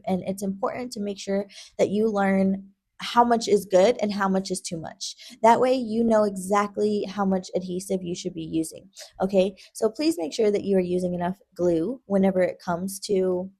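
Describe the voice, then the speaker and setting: A woman's voice: medium pitch, a little mellow. A young adult woman, a lash artist, talking the viewer through a tutorial in a chatty, casual way, calling them girl and checking in with "okay?". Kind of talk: tutorial vlog with casual chat.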